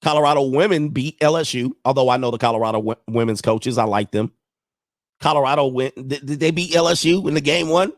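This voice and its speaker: A man's voice: medium pitch, moderate pace, no echo, clean studio sound. A man hosting a casual sports livestream, thinking aloud as he goes and chuckling often while he reads viewer messages. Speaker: sports show host.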